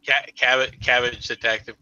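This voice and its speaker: An American man chats casually, reads tweets aloud and eagerly lectures about history. His tone is very bright and sharp. A faint hiss runs under the recording. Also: mid-range voice, little pitch movement, normal speed, highs cut off. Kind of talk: casual chat.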